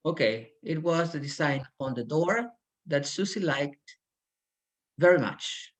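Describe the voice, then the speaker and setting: Lively-voiced woman teaching English grammar. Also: deep voice, a little slow. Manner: reads example sentences aloud and calls on students by name. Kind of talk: online English grammar class.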